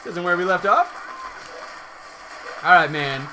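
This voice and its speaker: A man's voice: high-pitched, lively intonation, a little slow. A young man co-hosting a let's play, talking casually over a game, swearing often and laughing at his partner. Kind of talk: casual gaming commentary.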